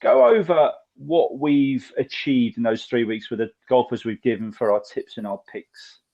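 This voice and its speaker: A man hosting a casual podcast, jokey and upbeat as he steers the chat. His voice comes through a dull, lo-fi recording at a middle pitch. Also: moderate pace, gravelly. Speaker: podcast host. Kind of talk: casual chat about golf betting.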